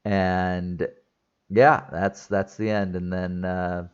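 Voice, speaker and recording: A man's voice: deep voice, little pitch movement, slow, clear, resonant tone, lo-fi sound. A man casually recapping a film in a rambling review, teary-eyed and emotional. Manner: rambling, emotional, with fillers and restarts. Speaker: movie reviewer.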